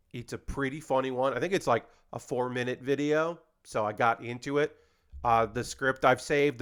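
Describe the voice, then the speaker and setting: Male comedian host, mid-pitched voice, loose and rambling, pokes fun at himself. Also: fairly bright tone, clear, resonant tone. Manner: rambling, self-deprecating, chatty. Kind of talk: casual chat.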